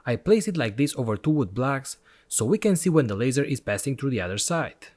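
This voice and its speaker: A man's voice: medium pitch, very animated, a little fast, darkish tone. A man hosting an electronics channel, narrating a product review voice-over in an enthusiastic, step-by-step explanatory way.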